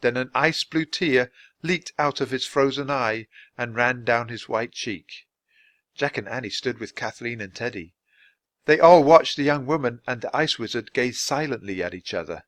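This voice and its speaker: A man reading a children's storybook aloud, slowly and deliberately for English learners. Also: mid-range voice, a bit bright, no echo. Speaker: storybook reader.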